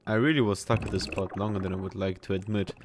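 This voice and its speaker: A man's voice: low-pitched, steady tone, quick pace, background noise. A man giving jokey, self-mocking commentary while playing a video game. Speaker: gaming YouTuber. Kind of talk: let's-play commentary.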